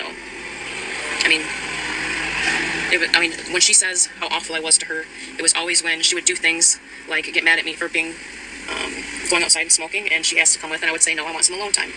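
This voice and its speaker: A woman recounting a personal account in a voice note, hesitant, with many ums and restarts. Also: lowish voice. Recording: voice note with loud background noise.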